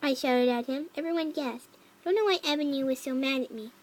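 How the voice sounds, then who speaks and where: A woman voicing a young cat-girl troll who reads a fanfic aloud, with flat narration, mocking asides and yelled quotes. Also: high voice, fairly quick, close to an everyday voice. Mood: deadpan reading. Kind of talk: fan reading of a story.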